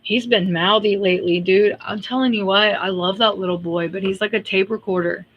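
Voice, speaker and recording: A woman's voice: mid-range voice, steady tone, a little fast, muffled recording. Exasperated woman ranting casually. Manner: blunt, exasperated ranting with frequent laughs. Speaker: livestream host. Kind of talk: casual livestream chat.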